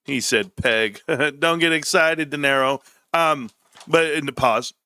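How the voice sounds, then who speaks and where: A man from California ranting casually on a livestream, animated and sarcastic, with frequent swearing. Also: a little high, takes it slowly, clean tone, dry recording. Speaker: stock market streamer.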